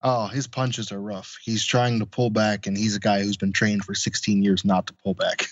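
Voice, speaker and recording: A man's voice: lowish voice, level tone, normal speed, no room sound, lo-fi sound. A man co-hosting a podcast, recapping in a laid-back, chuckling way. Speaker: podcast co-host. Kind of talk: casual chat.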